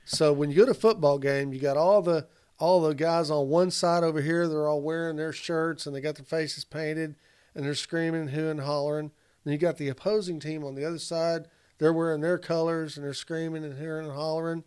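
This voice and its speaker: A man's voice: a little high, steady tone, brisk, a little mellow, clean tone. A man in a casual podcast discussion, talking at length with long examples, frequent "you know"s and casual swearing. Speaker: podcast co-host.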